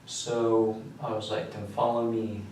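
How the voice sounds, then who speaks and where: Teen guy, lowish voice, halting rambling talk, sounds worn out, far from the mic. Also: flat delivery, slight background noise. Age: late teens. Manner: rambling, halting, quiet recounting. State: exhausted. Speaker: suspect under questioning. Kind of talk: recounting events in a police interview. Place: police interrogation room. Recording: echoey room, mic far off.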